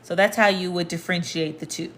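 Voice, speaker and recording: A woman with a fairly low voice teaches a relaxed language lesson. She explains each point patiently and goes over it again, talking straight to the viewer. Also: a little fast. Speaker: Spanish teacher.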